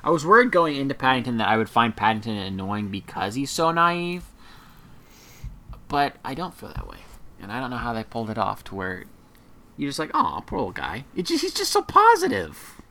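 Jokey guy co-hosting a movie chat, voice bounces up and down, bright tone. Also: mid-range voice, wildly swooping pitch, brisk. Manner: playful and joking. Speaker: podcast co-host. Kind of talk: casual podcast chat.

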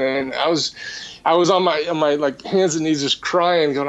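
A man with a fairly high voice tells his story in an earnest, animated way, restarting his sentences as he goes. The recording sounds dull and lo-fi. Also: moderate pace. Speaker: energy healer guest. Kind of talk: casual storytelling.

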